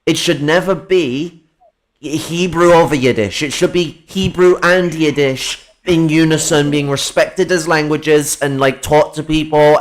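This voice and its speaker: A man chatting casually about politics, swearing freely and rambling with laughs. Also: on the high side. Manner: profane, rambling, laughs often.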